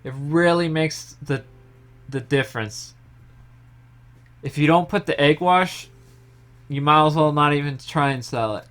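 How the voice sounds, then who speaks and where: Relaxed man explaining a home baking recipe. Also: a little high, unhurried, pauses often. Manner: relaxed step-by-step explaining, trailing off softly. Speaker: home baker. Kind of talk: casual cooking tutorial. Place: home kitchen.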